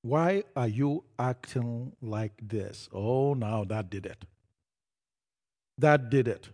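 Slow-paced man telling a church testimony. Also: mid-range voice. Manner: storytelling, slow, builds to loud emphatic peaks. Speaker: preacher sharing his testimony. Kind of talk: sermon testimony.

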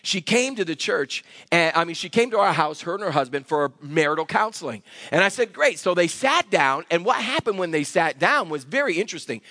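High-voiced preaching man, forceful. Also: very animated, brisk, few pauses, dry recording. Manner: emphatic preaching with call-and-response. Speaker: pastor. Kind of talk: sermon. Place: church sanctuary.

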